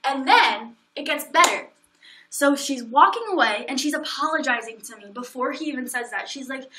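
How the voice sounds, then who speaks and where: A young woman tells a story to her livestream viewers, talking quickly and chattily and acting out everyone's lines. Her voice is high and bright. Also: lively intonation. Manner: chatty, quick, acts out quotes, many fillers. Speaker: livestream host.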